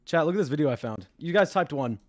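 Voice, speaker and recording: A young man streaming, chatting casually to his viewers, excitable and animated, jumping from loud squeals down to quiet mumbles. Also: fairly high pitch, quick pace, no echo. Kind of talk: casual livestream commentary.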